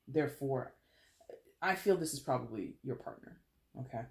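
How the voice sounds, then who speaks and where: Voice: mid-range voice, a little mellow. Chatty, frank tarot reader in an echoey room. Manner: frank and chatty, swears casually, riffs on pop-culture references. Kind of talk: casual monthly tarot reading to camera. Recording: roomy echo.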